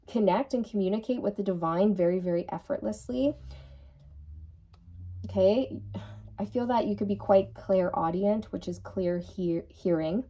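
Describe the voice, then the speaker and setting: Slow, mellow-voiced woman reading tarot. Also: mid-range voice. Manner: reassuring, repeats words for emphasis. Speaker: tarot reader.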